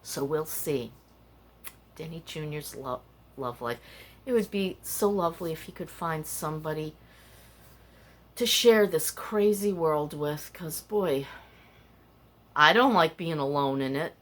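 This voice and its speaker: A woman's voice: low-pitched, unhurried, pauses often. An older woman hosting a casual podcast, rambling and candid as she tells stories and confides her feelings. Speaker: podcast host. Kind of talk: casual personal chat.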